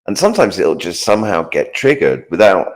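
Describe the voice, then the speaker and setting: A man co-hosting a live stream, relaxed, reading out viewer comments and answering them. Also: sits low, a little fast. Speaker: co-host. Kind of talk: casual live-stream chat.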